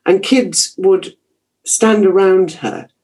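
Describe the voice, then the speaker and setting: A woman's voice: medium pitch, takes it slowly, darkish tone, low-quality recording. An older woman from Yorkshire with a received pronunciation accent, a broadcaster chatting as an interview guest about her childhood, self-deprecating and full of fillers. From Yorkshire, England. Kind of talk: reminiscing interview talk.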